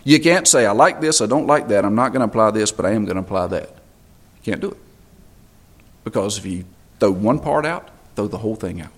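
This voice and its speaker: Animated male pastor preaching. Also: lowish voice, fairly quick. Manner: emphatic preaching with repeated phrases and rising declarations. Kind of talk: sermon.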